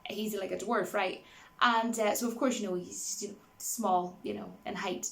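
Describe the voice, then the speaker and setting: A woman's voice: mid-range voice, fairly even intonation, normal speed, creaky, a little hiss or hum. A woman giving a casual spoken movie review, rambling with many fillers and laughing easily as she retells scenes.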